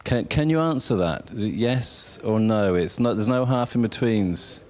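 A man preaching an informal sermon, halting and repeating himself as he coaxes listeners to speak along. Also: on the low side, expressive.

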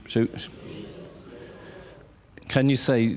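A man preaching an informal sermon, halting and repeating himself as he coaxes listeners to speak along. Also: medium pitch.

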